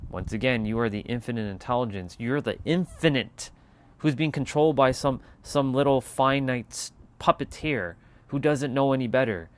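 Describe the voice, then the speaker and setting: A man's voice: mid-range voice, normal speed. A man hosting a casual motivational livestream, talking emphatically with lots of repetition and casual swearing. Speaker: channel host.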